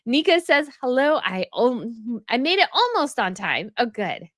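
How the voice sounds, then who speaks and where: A young woman chats her way through viewer comments on a home livestream, reacting to each one as she goes. Her voice sits fairly high and swings up and down with animated energy. The sound is dry and close, with no room echo. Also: a little slow. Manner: chatty, reads viewer comments aloud and reacts. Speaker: royal news livestream host. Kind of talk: casual livestream chat reading comments. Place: home setup.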